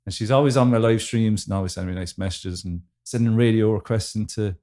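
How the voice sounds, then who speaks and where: Wexford Irish male co-host, low-pitched, easygoing, chatty. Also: fast. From Wexford, Ireland. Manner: relaxed, chatty, laughs often. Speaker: podcast co-host. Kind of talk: casual chat. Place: indoors, in a house.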